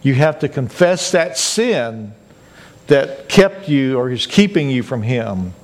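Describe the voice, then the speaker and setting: A male pastor preaches slowly in a mid-range, very animated voice. He's earnest, repeating his points over and over to urge his listeners on.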